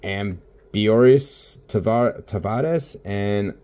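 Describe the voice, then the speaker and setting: This card-opening vlogger speaks in a mellow, fairly low voice at a very slow pace. Sleep-deprived and mumbling, the young man swears nonstop while casually commenting on the baseball card packs he opens in his home office.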